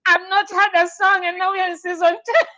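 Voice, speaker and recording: A woman co-hosting a casual podcast chat, animated and slangy, swearing casually. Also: very high-pitched, fairly quick, low-quality recording.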